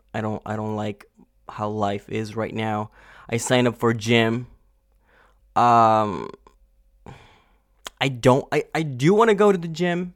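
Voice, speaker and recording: A man's voice: medium pitch, no echo, studio quality. A man talking straight to the camera in a casual confessional vlog, rambling, swearing often and asking "you get me?" as he vents. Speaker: vlogger.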